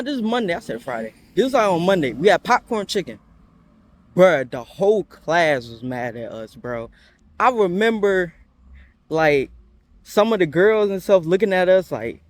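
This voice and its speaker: A man recounts a school story in a loose, slangy storytime. His voice sits a bit high for a man, and he is animated and quick to laugh. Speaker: storyteller vlogger. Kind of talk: casual storytime.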